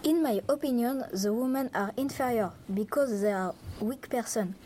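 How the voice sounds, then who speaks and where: A woman's voice: fairly high pitch, normal speed, dark tone, slight background noise, close to an everyday voice. A young woman playing a scornful male laundry owner in a school role-play of a radio debate, with blunt, dismissive, stiffly phrased lines. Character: scornful male laundry owner arguing against women voting.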